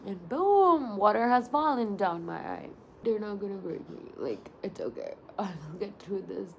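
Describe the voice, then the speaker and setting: A woman's voice: mid-range voice, lively intonation, moderate pace, vocal fry, slight background noise, poor audio. A woman of about twenty, chatting candidly and rambling to her phone camera in a casual vlog, with plenty of swearing. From India. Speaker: vlogger.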